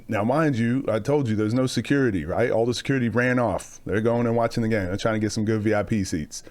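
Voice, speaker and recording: A man hosting a casual basketball reaction video, joking and telling rambling, self-mocking stories with frequent laughs. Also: lowish voice. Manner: joking storyteller, laughs often.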